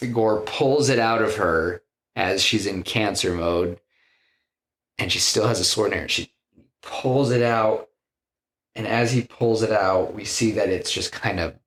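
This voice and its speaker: A deep-voiced man talks slowly and loosely on a podcast, walking through a film scene by scene. He now and then slips into the characters' lines with some drama, and restarts his sentences often. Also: fairly bright tone. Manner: retells scenes, acting out quoted lines; loose, rambling with restarts and "you know". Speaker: podcast co-host pitching a film. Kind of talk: casual storytelling chat.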